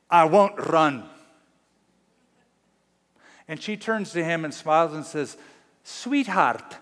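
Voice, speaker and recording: The sound of a big room surrounds this man's slightly high, fairly bright voice. Preaching as pastor in church, he delivers an emphatic sermon packed with rhetorical questions.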